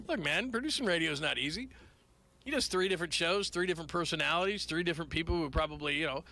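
A man's voice: a little high, vocal fry, pushed and bright. A man hosting late-night sports radio, rambling and joking in loose asides. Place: radio studio. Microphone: studio microphone.

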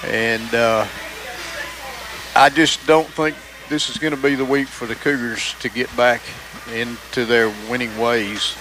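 A man making football picks on a sports panel, deliberate and hesitant, with many fillers. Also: mid-range voice. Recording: noisy room ambience.

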